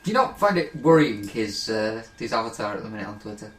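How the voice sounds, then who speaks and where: A man's voice: fairly low pitch, very animated, a little fast. A man co-hosting a podcast, reading listener answers with many ums and a wry tone. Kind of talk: casual banter. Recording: roomy with faint noise.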